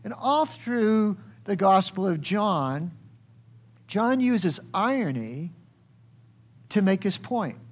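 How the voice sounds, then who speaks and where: A man preaching a sermon, asking the congregation questions and acting out quoted speech, swinging high and dropping low for emphasis. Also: big pitch swings, slow, pauses often. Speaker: pastor.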